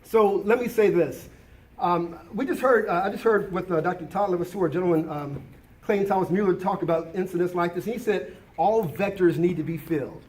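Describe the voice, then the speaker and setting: A man's voice: high voice, brisk, a little mellow. A man, a college diversity administrator, giving impassioned remarks at a campus forum, emphatic and repeating his key points.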